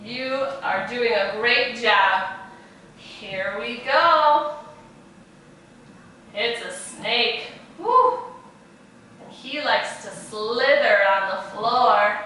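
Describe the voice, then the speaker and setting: Lady teacher talking slow n sing-songy to toddlers, bright voice, echoey room, sounds a bit far from the mic. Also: a little high, a little hiss or hum. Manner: slow, sing-song, encouraging teacher talk. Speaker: preschool teacher. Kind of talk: virtual class for young children.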